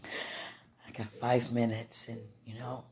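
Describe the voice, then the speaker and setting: A woman's voice: a bass voice, little pitch movement, slow, a little mellow. A woman in ministry talking tenderly to her viewers, slipping into prayer and laughter between thoughts. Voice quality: effusive, breaks into prayer and laughter, repeats "Oh, God". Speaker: Christian ministry vlogger. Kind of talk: emotional, prayerful chat to viewers.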